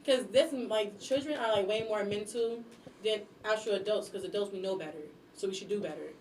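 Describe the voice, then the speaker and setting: A young woman chatting casually on a podcast about her jobs, blunt and animated, sometimes acting out how she scolds people. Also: mid-range voice, a little fast, echoey room, distant mic, a little hiss or hum, low-quality recording. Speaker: guest, substitute teacher and airport worker.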